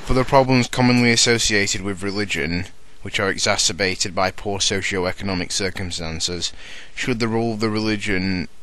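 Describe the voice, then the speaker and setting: A man reading questions aloud in a formal, measured way. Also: lowish voice, pushed and bright. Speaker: question asker.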